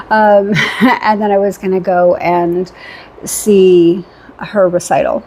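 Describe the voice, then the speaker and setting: A woman's voice: medium pitch, slight background noise. A woman vlogger casually recapping her weekend, chatty and rambling with fillers, acting out what was said. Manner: animated retelling with quoted dialogue.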